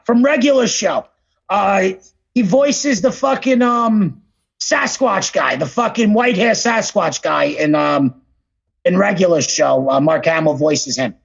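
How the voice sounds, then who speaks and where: A man's voice: high-pitched, gravelly, slightly rough, lo-fi sound. A man co-hosting a casual podcast chat, crude and rambling, now and then mimicking celebrity voices. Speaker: podcast co-host.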